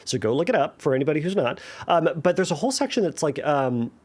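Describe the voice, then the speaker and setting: A man's voice: a little high, quick pace, husky. A man hosting a podcast, talking casually and answering a listener's question, with frequent fillers and restarts. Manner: conversational, many fillers and restarts, tells jokes with animated voices. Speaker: podcast host. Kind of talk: casual chat.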